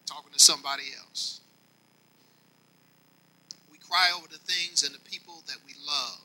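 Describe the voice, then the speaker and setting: Male pastor, older, folksy sermon delivery with a high, very bright tone. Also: fairly even intonation, normal speed, rough recording. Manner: preaching with swings between soft and loud; folksy, talks directly to the congregation.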